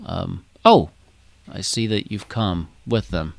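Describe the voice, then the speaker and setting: A man voicing a tired, reluctant young male leader who mutters in a low, dry way. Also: slow pace, vocal fry, no echo, exaggerated voice. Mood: grumbling.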